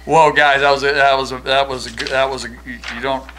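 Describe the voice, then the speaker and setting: Head coach, male, postgame presser; bright, animated storyteller, hums faintly behind. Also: medium pitch, fairly quick, slight background noise. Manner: animated storyteller, acts out quotes loudly; many fillers and restarts. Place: press conference room.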